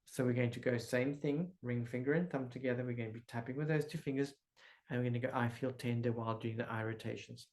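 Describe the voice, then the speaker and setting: A man leading a group healing session, giving calm, slow, instructive guidance. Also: mid-range voice.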